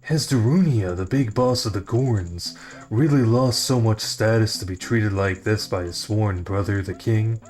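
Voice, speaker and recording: A man voicing the huge, angry male chief of a rock-creature race from a video game, reading his lines in a slow, stern, blustering way. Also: lowish voice, darkish tone, soft background music, close to an everyday voice.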